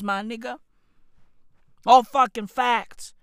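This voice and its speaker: A man ranting on his podcast, slow and drawn out, mocking and swearing, one question after another. His voice is bright and sharp, recorded close and dry. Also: high-pitched, animated, no room sound. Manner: profane, mocking, repetitive ranting with rhetorical questions. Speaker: podcast host. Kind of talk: comedic podcast rant.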